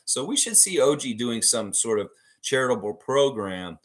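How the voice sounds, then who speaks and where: A man's voice: mid-range voice, very animated, moderate pace. A Canadian man hosting a casual live stream, reading out viewer comments and rambling with many fillers and self-corrections. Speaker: podcast host.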